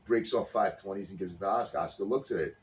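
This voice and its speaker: Casting note: low-pitched man, lively storyteller who acts out every line of dialogue, recorded a bit far from the mic with faint noise behind. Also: fast. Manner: animated storyteller acting out characters' lines. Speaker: podcast co-host. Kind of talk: casual chat, retelling a sitcom scene. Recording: slightly distant mic with faint background noise.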